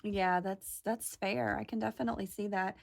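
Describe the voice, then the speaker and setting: A woman's voice: medium pitch, fairly even intonation, normal speed, gravelly. A woman hosting a podcast, chatting casually and enthusiastically about animals. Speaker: podcast host. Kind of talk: casual chat.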